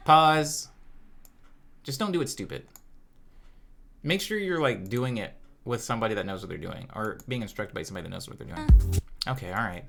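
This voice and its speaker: A man's voice: lowish voice, animated, a little fast, creaky, long pauses, a bit bright, faint music behind. A man hosting a live stream, chatting casually, joking and reacting to his chat. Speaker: livestream host.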